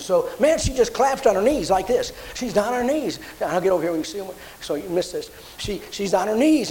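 High-voiced folksy preacher man. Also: lively intonation, normal speed, rough recording. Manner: folksy, repeats and restarts phrases. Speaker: pastor. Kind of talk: sermon storytelling.

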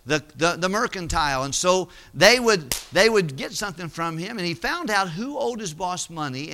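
A man's voice: sits high, pushed and bright. A man preaching, retelling a parable in a folksy, conversational way and acting out the characters. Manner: folksy, conversational, acts out voices. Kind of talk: sermon storytelling.

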